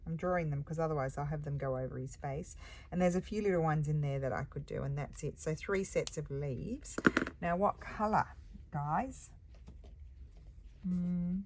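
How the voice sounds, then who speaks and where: Low-pitched woman crafter, casual stitching chat, meandering and musing. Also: normal speed, a little mellow, a little hiss or hum. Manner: rambling, chatty, thinks aloud with hums and ums. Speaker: embroidery crafter and shop owner.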